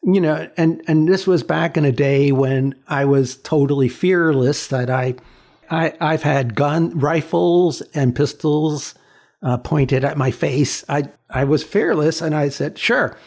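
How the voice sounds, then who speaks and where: A man in his sixties, a photographer being interviewed, telling stories in a halting way with many repeats and fillers. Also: on the high side, steady tone, a little mellow. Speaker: photographer, guest. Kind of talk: reflective storytelling in an interview.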